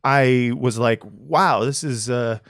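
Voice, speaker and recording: A man hosting a podcast, musing casually with many pauses and fillers. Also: medium pitch, fairly bright tone, no echo, studio quality. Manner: halting, filler-heavy musing. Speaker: podcast host. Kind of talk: casual reflective podcast talk.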